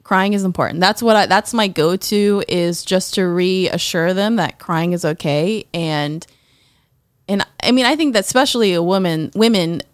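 A woman's voice: on the low side, a little slow, dry recording. A woman in casual conversation, thinking aloud and asking rhetorical questions, often saying "you know".

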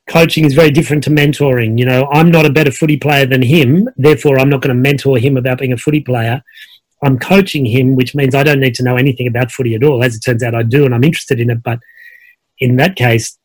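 A man's voice: mid-range voice, dry recording. Australian man telling stories, dry sound. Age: middle-aged. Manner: relaxed storyteller, many fillers. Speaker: guest coach. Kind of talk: casual conversation. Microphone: video call.

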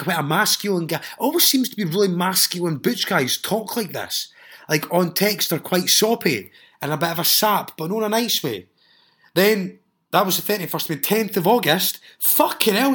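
A man with a Scottish accent, hosting a solo podcast and reading out listener stories, with frequent swearing, laughing asides and animated reactions. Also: sits high, moderate pace. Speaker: podcast host.

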